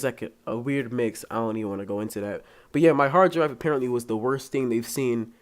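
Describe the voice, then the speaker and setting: A young man talks alone into his podcast mic in a loose, rambling way. He jokes, swears casually and wanders from one aside to the next. His pitch sits in a middle range for a man. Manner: rambling, joking, casually profane. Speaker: podcast host. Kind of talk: casual solo podcast chat.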